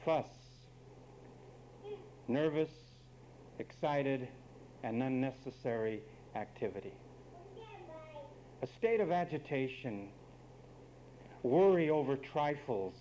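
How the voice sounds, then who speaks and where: A man's voice: mid-range voice, animated, slow pace, pauses often, mellow, a little hiss or hum, low-quality recording. A man preaching a sermon, emphatic and wry, speaking straight to the men and women of his congregation.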